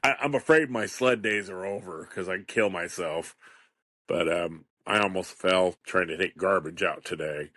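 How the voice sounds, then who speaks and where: A man in his fifties talks alone on his podcast in a loose, wandering way, chuckling as he goes. His voice sits a little low, and the sound is close and dry with no room echo. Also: normal speed, a bit bright. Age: 50s. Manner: rambling, chatty, chuckles often. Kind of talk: casual solo podcast monologue.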